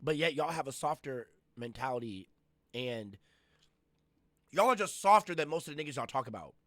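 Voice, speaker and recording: A man's voice: medium pitch, expressive, moderate pace, a bit bright, no room sound, clean studio sound. A man streaming a casual reaction, ranting bluntly with a lot of profanity and getting riled up.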